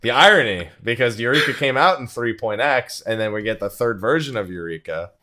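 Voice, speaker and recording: A man hosts a relaxed gaming podcast, teasing his cohosts and laughing often as he talks. His pitch swings freely up and down in an animated way, at a medium register for a man. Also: brisk. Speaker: podcast host. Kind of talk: casual gaming podcast chat.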